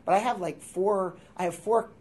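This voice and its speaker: High-voiced man in his forties, rambling. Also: moderate pace, a little mellow, slight background noise. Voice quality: high-pitched voice. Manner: rambling, self-deprecating, with filler words and restarts. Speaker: guest improviser. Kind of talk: casual interview storytelling. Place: theater workshop space before a live audience.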